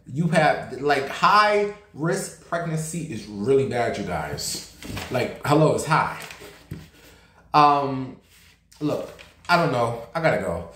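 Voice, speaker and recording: A man's voice: mid-range voice, big pitch swings, slow pace, a bit bright, echoey room. A man hosting a casual gossip show, sassy, blunt and profane. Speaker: show host.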